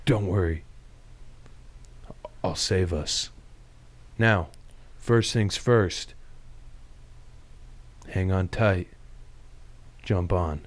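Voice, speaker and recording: A man voicing Superman as a self-assured, flirty male superhero, lowered and breathy with a slight pant. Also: drawn-out words, pauses often, heavily acted. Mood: reassuring. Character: Superman, a deep-voiced cocky male superhero.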